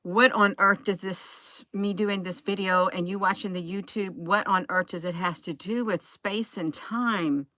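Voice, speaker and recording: A woman talks into her phone in a loose, rambling vlog, thinking aloud and breaking off to restart her sentences. Her voice sits a little low. The sound is dry and close, with no room echo. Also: steady tone, normal speed, hardly any pauses, fairly bright tone. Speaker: vlogger.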